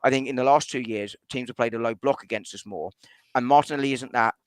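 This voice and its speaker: A man argues football tactics at a fast clip, weighing each point and restarting sentences as he goes. His voice is sharp in its pace and sounds close and dry, with little room around it. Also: mid-range voice, clear, resonant tone, no echo. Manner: fast, reasoned, hedging with restarts. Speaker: podcast panelist. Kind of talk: casual football debate.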